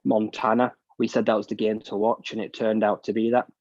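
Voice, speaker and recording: A man's voice: fairly low pitch, level tone, fairly quick, darkish tone, dry recording. A British man co-hosting a podcast, giving blunt, opinionated takes in casual chat that rambles with restarts. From United Kingdom. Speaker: podcast co-host. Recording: dull, dry lo-fi mic sound.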